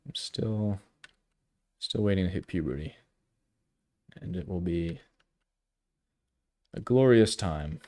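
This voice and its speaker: A man in his thirties thinking aloud while drawing on a live stream, halting and unsure, trailing off often, with dry self-mocking humor. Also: low voice, animated, dark tone, no room sound. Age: 30s. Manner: wry self-deprecating humor.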